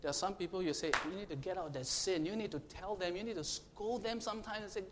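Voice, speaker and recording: A man preaching a sermon, emphatic and questioning his congregation, now and then shouting to make a point. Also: high-pitched, quick pace. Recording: long hall reverb, faint room noise.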